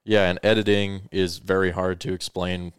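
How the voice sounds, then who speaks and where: A man with a notably low voice talks casually as co-host of a live stream. He explains things patiently and teases his partner. The recording is close and dry. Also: flat delivery, normal speed, clear, resonant tone, no echo. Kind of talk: casual chat.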